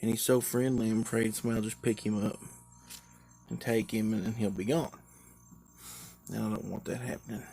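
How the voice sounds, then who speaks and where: A man's voice: fairly low pitch, flat delivery, a little fast, gravelly, pauses often, warm tone. A tired, drowsy man chatting casually on a live stream while sitting outdoors on his porch, rambling in a laid-back way. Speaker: livestream host.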